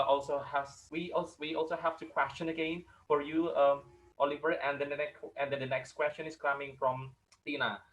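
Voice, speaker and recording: A man's voice: a little high, lo-fi sound. A man from Indonesia hosting an online Q&A, reading out viewer questions with many fillers and restarts. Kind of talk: casual online Q&A. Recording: echoey room.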